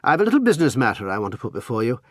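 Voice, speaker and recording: A self-possessed adventurer, cool and assured, with a lively, smiling lift in his tone, as the reader plays him. Slightly husky and recorded close and dry. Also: mid-range voice, rapid-fire, no room sound. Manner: cool, assured, sometimes soothing.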